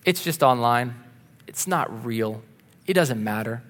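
A preacher putting on a sly coaxing Satan. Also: male voice, mid-range voice, expressive, a little slow, a bit bright, long reverb tail, pitched below the performer's own voice. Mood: dismissive. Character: sly male devil tempter, coaxing and dismissive.

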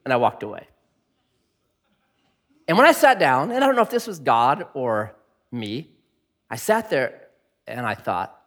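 A man in his thirties preaching a sermon, telling a family story with animated, self-deprecating humor. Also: mid-range voice, unhurried, pauses often. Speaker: pastor.

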